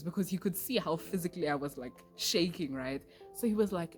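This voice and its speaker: A woman's voice: fairly low pitch, animated, quick pace, few pauses, darkish tone, faint music behind. A teenage girl, telling a story to her vlog in a candid, dramatic way with casual slang. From South Africa. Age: teens. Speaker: vlogger.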